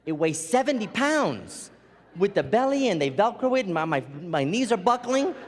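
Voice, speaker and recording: On a theater stage, a man performs stand-up, telling stories with great animation and acting out what his wife says. His voice is high and his pace normal, with live hall reverb and faint ambience.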